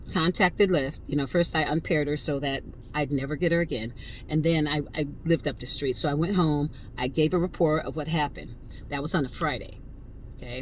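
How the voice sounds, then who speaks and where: Animated woman in her fifties telling a story. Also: low-pitched, slight background noise, low-quality recording. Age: 50s. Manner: animated, emphatic, addresses listeners directly. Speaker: podcast host. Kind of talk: casual storytelling.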